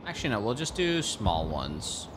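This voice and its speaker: A man's voice: on the low side, moderate pace, background noise. A man streaming a strategy game live, ranting and swearing freely as he plays. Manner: profane, ranting, animated. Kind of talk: live gameplay commentary. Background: game music.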